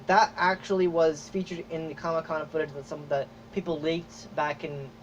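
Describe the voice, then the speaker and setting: A man hosting a podcast, chatting casually and excitedly, rambling with lots of fillers and acted-out reactions. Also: a little high, normal speed. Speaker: podcast host. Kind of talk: casual chat. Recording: dull lo-fi audio with faint noise.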